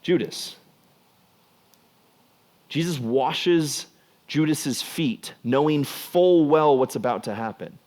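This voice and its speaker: A young man preaching a casual youth sermon, animated and jokey, acting out the scenes. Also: a little high, takes it slowly, pauses often. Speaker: youth pastor.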